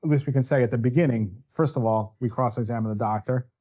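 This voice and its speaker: A man's voice: mid-range voice, fast talker, dark tone, lo-fi sound. A man presenting a legal webinar as a defense attorney. He walks through the steps one by one and checks in with asides like "right?". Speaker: workers' compensation defense attorney.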